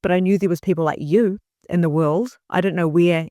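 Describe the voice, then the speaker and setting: A woman's voice: fairly low pitch, fairly even intonation, fairly quick, mellow, no echo, studio quality. Earnest woman telling an emotional story. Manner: earnest, emotional, many restarts. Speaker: podcast guest, spiritual mentor. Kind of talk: personal storytelling in an interview.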